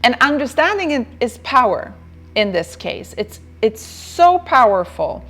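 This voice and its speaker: A woman's voice: on the high side, big pitch swings, measured pace, a bit bright, soft background music. A woman giving a reflective motivational talk on self-care, who repeats phrases and checks in with "right?".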